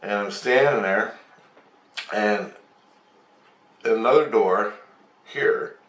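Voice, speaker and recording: A man telling a rambling story of a vision, excitable, swearing and acting out voices. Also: lowish voice, very slow. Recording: roomy, distant from mic.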